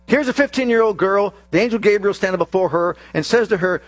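A man preaching a sermon, acting out scripture scenes with slow emphasis and sudden rapid bursts. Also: sits high, dry recording. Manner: dramatic, acts out quoted scripture voices, shifts between slow emphasis and rapid bursts.

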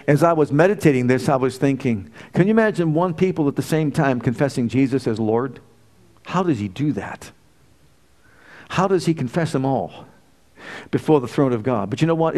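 A middle-aged man preaching a sermon, emphatic and full of rhetorical questions, swinging between loud exclamations and hushed asides. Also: mid-range voice.

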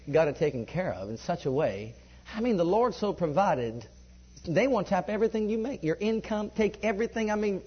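Man preacher, higher husky voice, animated testimony, dull lo-fi tape. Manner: animated, conversational, laughs often. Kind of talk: sermon storytelling. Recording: dull lo-fi recording.

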